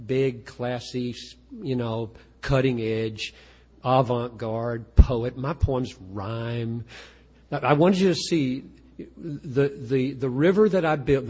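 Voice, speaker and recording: A man's voice: medium pitch, darkish tone, breathy edge. A man, a pastor, talking earnestly and self-deprecatingly about writing poetry, often restarting his sentences. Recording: long reverb of a large hall.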